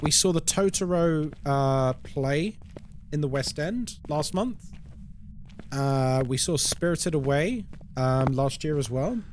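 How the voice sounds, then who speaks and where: Male streamer, chatty live gameplay commentary, fairly high voice with lots of pitch movement. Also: expressive, slow, a little hiss or hum. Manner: chatty, reacts aloud to the game and greets viewers. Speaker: horror game streamer.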